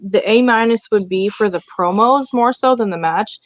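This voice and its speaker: A woman's voice: medium pitch, moderate pace, no room sound. A woman co-hosting a wrestling podcast, thinking aloud in a casual chat and full of hesitant fillers. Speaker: podcast co-host.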